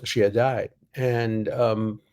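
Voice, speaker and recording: An older American man telling personal stories in a casual, halting way, full of fillers and self-corrections. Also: on the low side, flat delivery, darkish tone. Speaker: storyteller.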